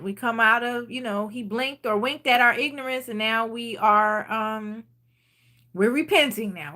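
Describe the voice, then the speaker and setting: Woman, high voice, bright tone, chatty rambling faith talk. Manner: chatty and rambling, reading viewer comments aloud. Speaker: channel host leading a Bible study. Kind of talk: casual faith talk to viewers.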